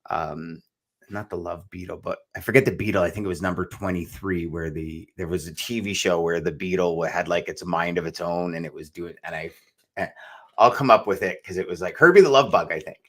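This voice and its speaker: A man's voice: deep voice, steady tone, a little fast, fairly bright tone. A man co-hosting a podcast, talking in a loose, rambling way and calling his co-host "brother". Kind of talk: casual podcast chat.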